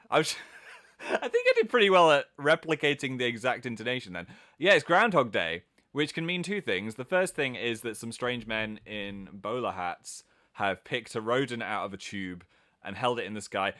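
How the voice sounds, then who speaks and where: A man's voice: medium pitch, lively intonation, normal speed, bright, forceful tone. A man hosting a casual live stream from home, chatting playfully and reading out viewers' comments. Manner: playful, self-mocking, reads out viewer comments.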